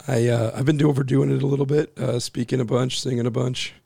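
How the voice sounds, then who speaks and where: Hoarse gravelly man in his forties. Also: medium pitch, flat delivery, fast talker, warm tone, no echo, clean studio sound. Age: 40s. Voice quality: gravelly, husky. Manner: joking, self-deprecating. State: hoarse from overused voice. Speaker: podcast co-host, church. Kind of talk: casual chat. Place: small office studio. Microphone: boom-arm studio mic.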